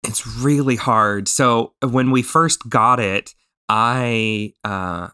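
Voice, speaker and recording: A man's voice: mid-range voice, drawn-out words, bright, forceful tone, clean tone, no room sound, studio quality. A man hosting a podcast, chatting casually and telling stories with many restarts and fillers. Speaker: podcast host.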